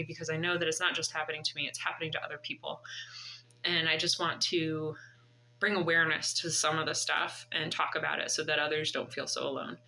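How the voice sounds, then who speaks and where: Bright-voiced woman in her thirties. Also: lowish voice, rough recording. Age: 30s. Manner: earnest, reflective, faith-driven. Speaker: vlogger. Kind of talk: candid personal storytelling.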